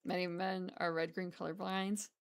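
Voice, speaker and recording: A woman's voice: lowish voice, little pitch movement, moderate pace, clean tone. A woman streamer reading a visual novel aloud and commenting between lines in a casual way.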